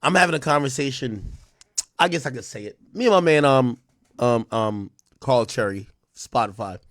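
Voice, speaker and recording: A man hosting a live stream, reading out donations in loose, profane, casual chat with loud excited bursts. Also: mid-range voice, normal speed, no room sound, studio quality.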